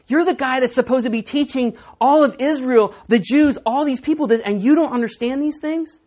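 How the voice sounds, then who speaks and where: Husky-voiced woman preaching a sermon. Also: fairly high pitch, normal speed, a little mellow. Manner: conversational, self-deprecating storytelling.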